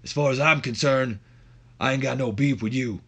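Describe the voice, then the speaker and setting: A man putting on a raspy voice as a proud male wrestler talking tough in street slang. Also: mid-range voice, moderate pace, pushed and bright, pitched above the performer's own voice. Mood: defiant.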